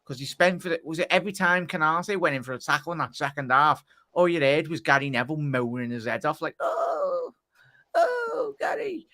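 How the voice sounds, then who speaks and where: A man's voice: a little high, fast talker, sharp tone. A man co-hosting a casual football chat, cheeky and full of banter, calling everyone mate. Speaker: football podcast co-host. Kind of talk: casual post-match chat.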